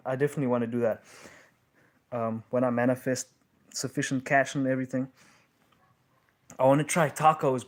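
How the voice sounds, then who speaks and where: Hosting a live Q&A stream from a couch in a lounge, a man talks in a loose, rambling, casual way. He fills pauses with "um" and "like" and calls listeners "bro" and "man," speaking at an everyday middle pitch.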